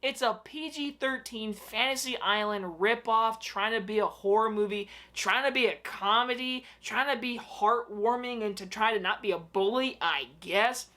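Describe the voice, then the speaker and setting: Young man, fairly high voice, casual movie review rant, animated and profane. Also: normal speed, few pauses.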